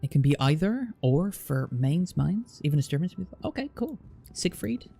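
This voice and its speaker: Gravelly Bristol-accented man chatting. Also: fairly high pitch, very animated, moderate pace, warm tone, faint music behind. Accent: Bristol West Country. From Bristol, England. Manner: curious, rambling, many restarts and fillers. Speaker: streamer chatting with a guest. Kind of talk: casual livestream chat.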